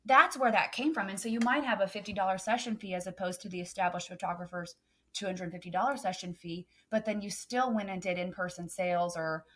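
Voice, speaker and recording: A woman's voice: on the low side, fairly bright tone. Earnest woman photographer, podcast guest. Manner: earnest and emphatic, many "um" fillers. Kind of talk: casual podcast chat.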